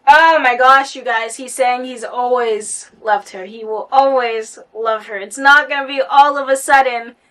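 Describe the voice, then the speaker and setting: Excitable young-sounding woman gushing over a book. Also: on the high side, a little slow, hardly any pauses. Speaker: book reviewer. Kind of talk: casual book review vlog.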